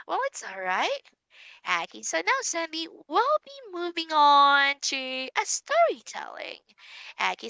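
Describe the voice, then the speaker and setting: A young woman with a Filipino English accent teaching an online English lesson to a child, slow and encouraging, calling herself teacher. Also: high-pitched, bright, forceful tone, no room sound.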